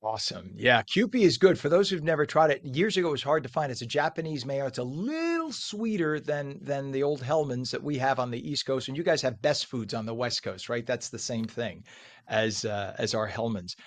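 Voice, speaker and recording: A man's voice: medium pitch, expressive, a little fast. A man hosting a live morning TV show, chatty and jokey, tasting food as he talks. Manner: chatty, jokey, talking with his mouth full.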